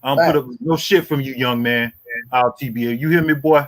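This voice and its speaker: Speaking fairly fast at a medium pitch, this boxing YouTube host, a man in his forties, goes after a rival on his livestream. The rant is profane and taunting, looping back over "boy" and "you hear me."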